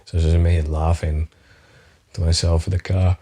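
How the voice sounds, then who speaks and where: Deep-voiced Australian man rambling. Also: little pitch movement, normal speed, warm tone, slightly rough. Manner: rambling, profane, chuckling often. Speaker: podcast host. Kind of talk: solo comedic podcast monologue.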